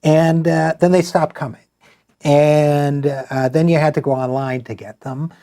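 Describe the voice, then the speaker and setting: A man's voice: on the high side, level tone, measured pace, dark tone. A middle-aged man hosting an interview, musing aloud with frequent restarts and fillers. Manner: rambling, thinks aloud with many restarts and fillers. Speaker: show host. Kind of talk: conversational interview.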